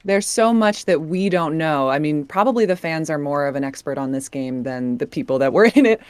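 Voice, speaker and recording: A woman's voice: sits low, expressive, fairly quick, a little mellow, clear, resonant tone. A woman appearing as a guest voice actress on a live stream, chatting casually with playful banter.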